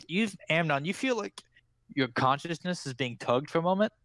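A man's voice: on the high side, animated, normal speed, fairly bright tone, no room sound. A man as game master, narrating a tabletop game in a casual, filler-heavy way.

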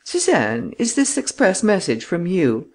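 A man's voice: sits high, huge pitch swings, unhurried, a little mellow, voice pushed up, heavily acted. A man reading the part of an anxious aristocratic official who is evasive and frightened. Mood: uneasy.

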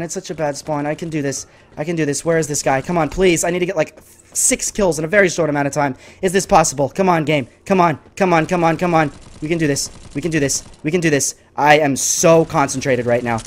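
A gaming channel host giving live gameplay commentary, swinging between frantic yelling and low muttering, talking to the viewers and to enemy players. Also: fast.

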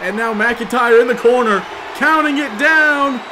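A man doing sports-style play-by-play commentary, moving from steady calls to loud, shouted excitement. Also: very high voice, a little slow, music in the background, crowd noise. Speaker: commentator for his own gameplay video.

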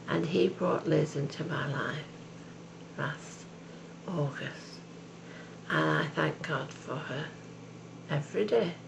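Older woman, heavy vocal fry, devout and affectionate, home video with audible hum. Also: low voice. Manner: slow, tender and devout, calls the listener love and darling. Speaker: video message sender. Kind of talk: heartfelt personal message.

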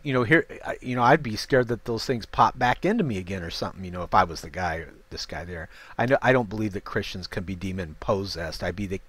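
A man's voice: fairly low pitch, dry recording. Man reading scripture, dry close sound. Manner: informal, chatty asides between King James verses. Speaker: Bible study leader. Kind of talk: scripture reading with casual commentary.

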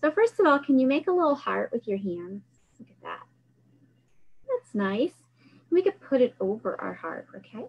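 A woman's voice: on the high side, big pitch swings, normal speed, long pauses, husky, muffled recording. A woman hosting a library storytime, singing action songs and coaching young children through gestures. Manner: cheerful, sing-song, coaching kids through motions.

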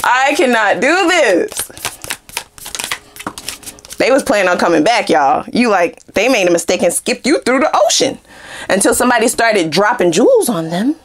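A woman giving a casual tarot reading, animated and profane, often breaking into laughter. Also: on the high side, moderate pace. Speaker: tarot reader.

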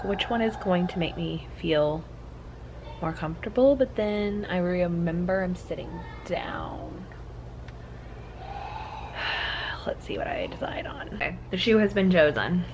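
A woman's voice: on the low side, noisy background. A young woman chatting casually to her camera at home in a rambling way, full of "like"s, out of breath at times. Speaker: vlogger. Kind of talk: casual vlog chat. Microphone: handheld camera.

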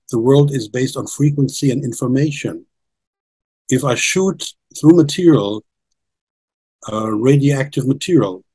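Husky older man explaining insistently. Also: medium pitch, mellow, poor audio. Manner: earnest, insistent, repeats key points. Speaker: documentary guest presenting research. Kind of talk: explanatory interview talk.

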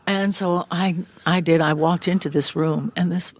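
Animated older woman telling a story. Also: fairly low pitch, normal speed. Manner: animated, breathy-voiced storyteller who acts out quotes. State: voice a little harried. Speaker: guest actress. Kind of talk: casual storytelling interview. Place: large room used as a podcast studio.

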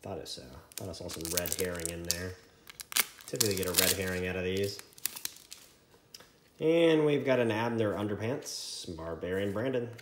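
A man hosting a trading card break, reading out card names in a running list with quick asides. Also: low-pitched. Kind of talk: casual card-opening commentary. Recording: echoey room with faint noise.

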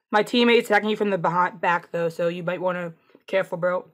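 Gameplay streamer, woman, chatty and excitable, taunts enemies while she plays. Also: lowish voice, fast. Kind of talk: casual gameplay commentary.

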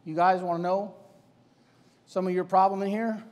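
A man's voice: sits high, steady tone, normal speed, long reverb tail, dull audio. A male preacher delivering a sermon, hammering the congregation with rhetorical questions. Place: church sanctuary.

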